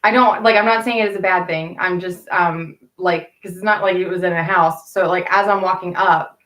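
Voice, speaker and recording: A woman's voice: on the low side, fairly even intonation, moderate pace, a bit bright, reverberant. A woman telling candid stories to her live viewers in a rambling, casual way, swearing freely. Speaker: live streamer chatting with viewers. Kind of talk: casual storytelling to a live chat.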